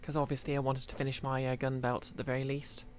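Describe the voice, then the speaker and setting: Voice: mid-range voice, level tone, fast, a little hiss or hum. A streamer, chatting casually to viewers while playing, rambling with many fillers. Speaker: game streamer.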